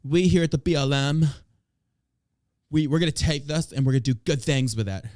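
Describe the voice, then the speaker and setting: A flippant, sing-song Valley Girl-style spokesperson, as a man puts the voice on, lifted a little higher than plain talk. She sounds airy and breezy, with a lilting, mocking edge. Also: brisk, a little mellow, dry recording, clean studio sound, lightly acted.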